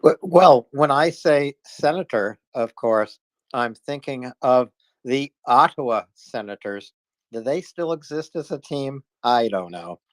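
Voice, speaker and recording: A man's voice: medium pitch, expressive, unhurried, no room sound. A man with a New England accent hosting a casual online talk, joking easily with callers. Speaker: host. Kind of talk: casual chat.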